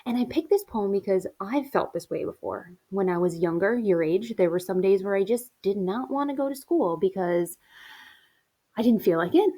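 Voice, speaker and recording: A woman teacher speaks to her young class in a friendly, encouraging way during a virtual reading lesson. Her voice sits at an ordinary middle pitch, and her tone stays patient and clear. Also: animated, normal speed, mellow. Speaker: elementary school teacher.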